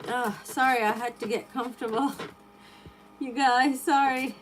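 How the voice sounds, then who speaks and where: Woman, high voice, unhurried, exclaiming live tarot chat, faint background hiss. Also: poor audio. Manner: exclaiming, animated and chatty, rambling with many restarts. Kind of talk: live stream chat reading viewer comments.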